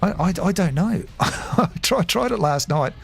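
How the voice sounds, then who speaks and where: A man chatting casually while streaming a game, rambling and halting, with frequent chuckles. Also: sits high, expressive, creaky, husky, faint music behind. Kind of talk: casual live-stream chat.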